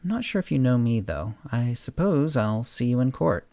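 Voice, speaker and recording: A man reading a story aloud, voicing a calm, confident man who taunts a prisoner. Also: medium pitch, moderate pace, dry recording, pitched above the performer's own voice. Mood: calm menacing.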